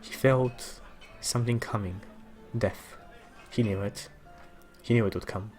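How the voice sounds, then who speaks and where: A man improvising a story aloud during a tabletop game, narrating slowly and haltingly. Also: fairly low pitch, steady tone, a little mellow, soft background music. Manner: slow, halting narration with restarts.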